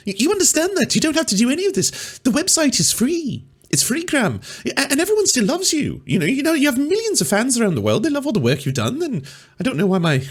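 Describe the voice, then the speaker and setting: A man putting on the voice of a distressed, pleading woman with a slightly Scottish accent, rushing out exasperated appeals. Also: extremely high pitch, husky, voice pushed up, heavily acted. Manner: pleading, exasperated, breathless rush.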